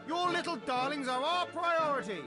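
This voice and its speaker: A man's voice: extremely high pitch, normal speed. A man voicing a pompous, plummy upper-class English announcer in a radio ad for a nanny agency. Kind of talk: radio advert voice-over. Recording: radio ad with music behind.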